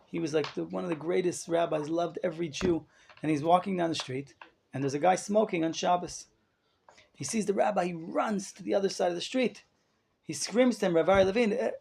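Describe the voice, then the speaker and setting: A man's voice: fairly high pitch, brisk, vocal fry, darkish tone, slightly rough. A man rabbi giving a live lecture to a class, emphatic and full of rhetorical questions, dropping in Hebrew terms. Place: study hall class with listeners.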